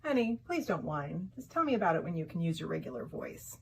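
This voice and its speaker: A woman acting out a comic parenting skit, gently scolding in a mock-parental tone. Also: lowish voice, big pitch swings, a little fast, creaky, a little hiss or hum, low-quality recording. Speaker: parenting content creator. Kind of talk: comedic role-reversal skit.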